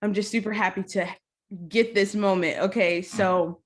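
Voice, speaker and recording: A young woman hosting a casual podcast interview, bubbly, chatty and openly nervous and excited. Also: medium pitch, moderate pace. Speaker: podcast host.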